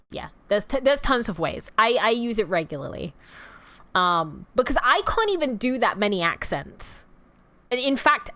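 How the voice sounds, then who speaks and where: A woman's voice: a little high, pushed and bright. A young adult woman streamer chatting casually, with a rambling, self-interrupting delivery and easy laughter. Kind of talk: casual livestream chat.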